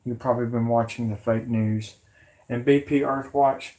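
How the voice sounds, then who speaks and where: A man with a hoarse, sick voice, rambling to his viewers in an agitated, pleading, repetitive way. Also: mid-range voice, steady tone, moderate pace, warm tone. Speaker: conspiracy vlogger. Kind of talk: rambling monologue to camera.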